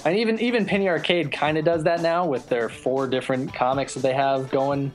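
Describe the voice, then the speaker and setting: A man's voice: a little high, steady tone, a little fast, faint music behind. A young man chatting casually on a podcast about his webcomic, rambling with restarts. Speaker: webcomic artist guest.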